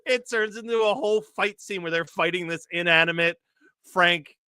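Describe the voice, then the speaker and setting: A man's voice: sits high, moderate pace, background noise. A man in his late thirties, co-hosting a casual chat and telling a long story full of fillers and laughs. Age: late 30s. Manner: rambling storyteller, many fillers, laughs often. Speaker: co-host.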